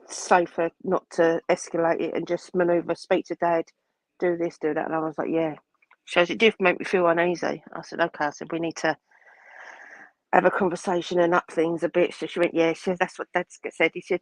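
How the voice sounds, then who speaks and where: A woman's voice: lowish voice, a little fast, no room sound, poor audio. A woman telling a family story in casual chat, rambling and acting out what people said. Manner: rambling, restarts often, acts out quoted dialogue. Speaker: guest telling a personal story.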